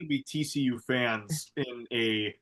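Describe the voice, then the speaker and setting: A man co-hosting a sports betting podcast, talking casually with halting restarts. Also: medium pitch, fairly bright tone. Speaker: podcast co-host.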